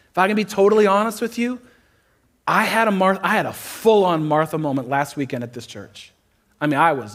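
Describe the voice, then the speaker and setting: A man preaching from a church stage to the congregation, his voice sitting notably high for a man. He builds energy by repeating phrases and pushes some lines up to near-shouts. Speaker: pastor. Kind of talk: sermon. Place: church auditorium before a congregation.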